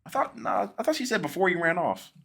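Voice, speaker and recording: Brief: chatty male host, expressive and bright-toned, talking over an old movie. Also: sits high, quick pace, vocal fry, slightly rough. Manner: animated, joking, lots of restarts. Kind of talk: casual movie review chat.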